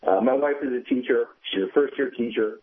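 A man's voice: medium pitch, fairly quick. A man from the Boston area calling in to a radio show, earnest and fed up. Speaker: radio call-in caller. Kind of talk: call-in talk. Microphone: phone. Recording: tinny phone line.

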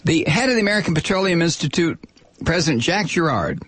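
A man's voice: fairly high pitch, lively intonation, fast, a bit bright, breathy edge. A man delivering a rambling, profane political commentary monologue with plenty of digressions.

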